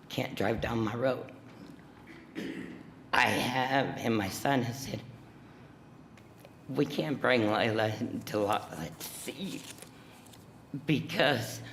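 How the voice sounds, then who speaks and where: An emotional woman, pleading earnestly during public comment at a council meeting, recorded in an echoey council chamber. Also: extremely low pitch. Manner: earnest, pleading, plain-spoken. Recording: echoey hall with faint hum.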